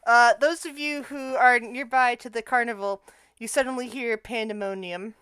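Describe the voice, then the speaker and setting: Bright, crisp woman running a tabletop game. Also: on the high side, fairly even intonation, no room sound, clean studio sound. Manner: halting, restarts mid-phrase while describing scenes. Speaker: game master.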